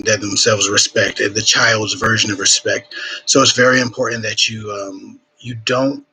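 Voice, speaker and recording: A man hosting a live Q&A, giving frank dating advice in casual chat, swearing freely and filling pauses with ums, sniffling a bit, streaming from home. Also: lowish voice, bright, forceful tone, husky, low-quality recording. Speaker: relationship advice livestream host.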